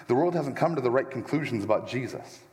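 Animated pastor preaching in an echoing hall. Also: male voice, mid-range voice, quick pace. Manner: animated and emphatic, with joking asides; walks around while preaching. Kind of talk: sermon. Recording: long church-hall reverb.

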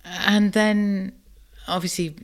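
A woman co-hosting a podcast, talking reflectively in a warm, thoughtful way and often ending points with a tag question. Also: mid-range voice, fairly even intonation, takes it slowly. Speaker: podcast co-host. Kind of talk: reflective conversational discussion.

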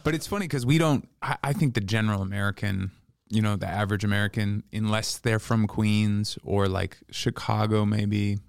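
Laid-back low-voiced man. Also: normal speed, gravelly, no room sound, studio quality. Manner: laid-back, rambling with fillers. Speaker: comedian guest. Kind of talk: casual chat.

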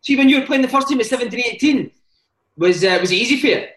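Quick, high-voiced man asking questions. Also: expressive, fairly bright tone. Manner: short prompting questions. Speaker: podcast host, interviewer. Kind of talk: casual interview.

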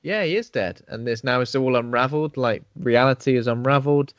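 A man co-hosting a casual film discussion, jokey and animated, acting out characters' lines. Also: medium pitch, fairly quick, no room sound, highs cut off. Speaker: podcast co-host.

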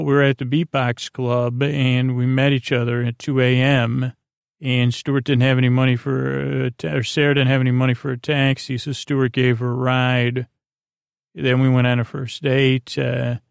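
A man hosting a bedtime podcast, loosely retelling a story in a halting way, full of uh fillers and restarts, paraphrasing the dialogue without doing voices. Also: medium pitch, creaky, dry recording, clean studio sound. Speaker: podcast host. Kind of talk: relaxed bedtime story recap.

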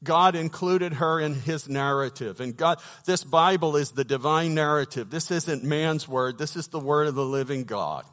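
A pastor preaches in a church sanctuary, telling a folksy story full of humorous asides to his congregation. His voice is fairly high and fairly bright, moving at a moderate pace with hardly any pauses. The church hall gives the recording a long reverb.

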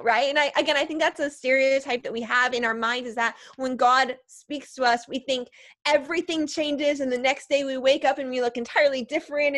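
A woman guest on a faith podcast, telling her story in a lively way, acting out her past thoughts and often asking 'right?'. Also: high voice, no room sound, studio quality. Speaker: podcast guest, preacher and speaker.

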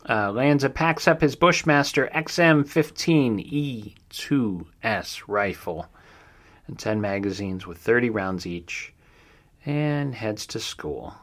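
A man's voice: fairly low pitch, lively intonation, slow pace, a bit bright. A middle-aged man hosting a true crime recap, speaking somberly and steadily with fillers and personal asides. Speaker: podcast host.

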